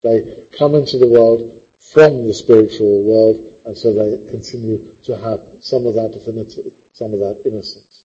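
A man lectures his class on poetry with a husky, rough-edged voice. He is animated and teasing, full of sarcastic asides. The recording is dull and lo-fi. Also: fairly low pitch, normal speed. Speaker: literature lecturer.

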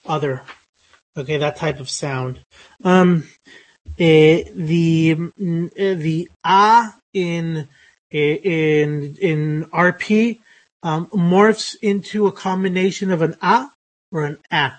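A man's voice: a little high, slow. Hesitant male phonetics teacher. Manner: hesitant, many fillers and restarts. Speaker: pronunciation teacher. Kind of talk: live phonetics lesson.

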